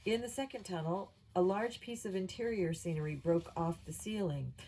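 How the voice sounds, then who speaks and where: A woman reads the part of a serious male announcer narrating a mission video, laying out grim facts evenly. The voice is mellow and a little low. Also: moderate pace. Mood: grave.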